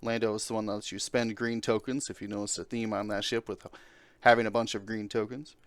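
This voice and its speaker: A man's voice: on the low side, flat delivery, brisk, no room sound. A man hosting a casual podcast, talking through game lists with many fillers. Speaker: podcast host.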